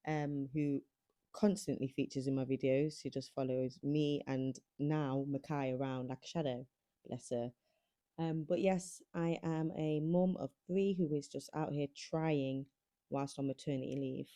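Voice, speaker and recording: A woman's voice: sits low, warm tone. A young woman vlogging to camera, a mum of three chatting casually and self-deprecatingly with lots of ums.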